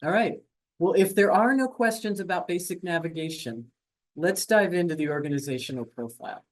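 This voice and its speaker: A grants administration staff member walking viewers through an online portal in a webinar, talking fast with frequent fillers and self-corrections. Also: medium pitch. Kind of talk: webinar screen-share walkthrough.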